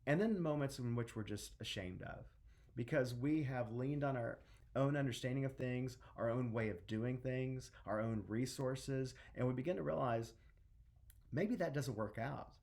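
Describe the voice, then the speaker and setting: A middle-aged minister preaches in a loose, conversational way, with restarts and acted-out quotes along the way. His voice has a gravelly, creaky grain at an average male pitch. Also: a little mellow. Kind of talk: sermon.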